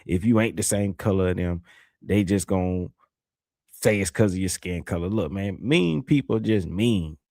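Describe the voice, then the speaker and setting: A man's voice: deep voice, moderate pace, a little mellow, no echo, clean studio sound. A man hosting a livestream, telling a story in a laid-back, rambling way and reading viewer comments aloud. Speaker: livestream host. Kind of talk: casual livestream chat.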